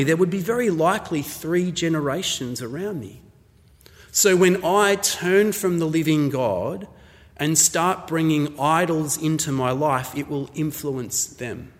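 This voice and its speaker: A man delivers a sermon in a relaxed, conversational way, telling stories and acting out little exchanges as he goes. His voice sits a little higher than most men's. Long reverb trails his words around a large hall. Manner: conversational, storytelling, acts out voices in anecdotes. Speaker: pastor.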